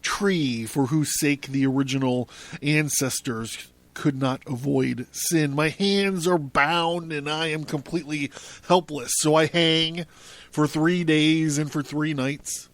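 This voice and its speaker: A man's voice: fairly high pitch, fairly even intonation, takes it slowly, fairly bright tone, no room sound. A man hosting a podcast, reading a book aloud in the first person and breaking off with amused, chuckling asides. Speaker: podcast host.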